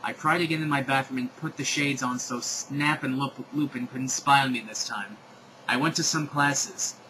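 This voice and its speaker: A man's voice: mid-range voice, steady tone, normal speed, background noise. A man reading bad fan fiction aloud in a comedic dramatic style, with exasperated, sarcastic commentary.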